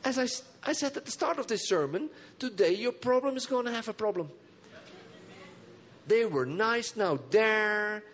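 A pastor delivers an emphatic sermon in a notably high voice for a man. He keeps calling out to his congregation for answers and repetition. His phrases drop low and soft, then rise in sudden bursts. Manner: engages the congregation with call and response.

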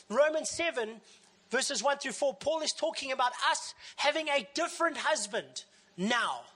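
A woman pastor delivering a sermon with a bright, crisp edge to her voice. She preaches with animation and keeps slipping into the voices of the people she quotes. Her delivery stays expressive and engaged throughout. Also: high-pitched, normal speed.

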